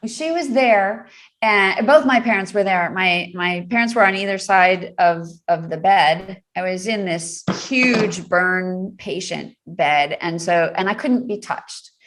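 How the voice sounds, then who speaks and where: A woman's voice: lowish voice, slow pace, a bit bright. A woman being interviewed on a podcast, telling a personal story earnestly, with many fillers and frequent laughter. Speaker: guest, trauma recovery specialist.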